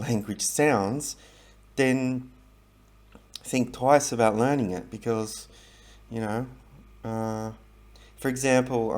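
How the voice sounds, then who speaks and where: A middle-aged man talking casually to camera about learning languages, chatty and rambling, with many fillers and restarts. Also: mid-range voice.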